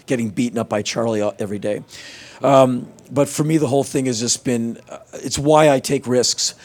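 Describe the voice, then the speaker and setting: A man speaking on a film panel, telling stories in an animated, casual way. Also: mid-range voice. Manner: animated, acts out quotes. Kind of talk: casual storytelling.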